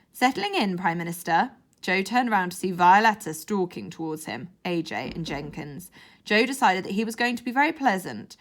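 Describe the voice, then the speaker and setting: A woman reading a children's story aloud in an expressive, animated way. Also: medium pitch. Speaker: audiobook narrator.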